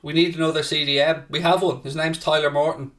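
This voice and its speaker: A man's voice: a little high, flat delivery, fast, fairly bright tone. Guy hosting a footy watchalong stream, talky, reads out chat msgs, bit far from the mic. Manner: chatty, reads viewer messages aloud, swears when worked up. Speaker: host of a live football watchalong. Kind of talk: casual live-stream chat.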